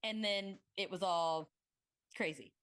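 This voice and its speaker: Young woman podcast host, casual, excitable, rambling storyteller. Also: medium pitch, takes it slowly.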